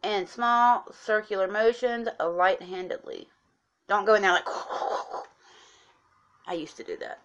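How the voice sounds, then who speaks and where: A woman's voice: mid-range voice, lively intonation, slow pace, fairly bright tone, muffled recording, slight background noise. A woman chatting through a casual makeup tutorial, talking straight to her viewers and explaining each step. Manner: chatty, instructive, addresses viewers as guys. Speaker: makeup vlogger.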